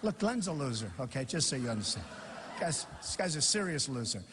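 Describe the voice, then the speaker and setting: A man's voice: medium pitch, sing-song, brisk, a bit bright, slight background noise. A man giving an off-the-cuff campaign rally speech, rambling, repeating himself and mocking opponents in a boastful way. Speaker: political candidate. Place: large rally venue with a crowd. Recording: long hall reverb.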